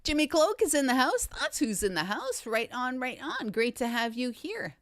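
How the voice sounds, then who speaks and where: A woman's voice: high voice, very animated, normal speed, fairly bright tone, no echo, clean studio sound. A woman hosting a casual livestream chat, upbeat and greeting viewers by name with repeated catchphrases. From Canada. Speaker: livestream host.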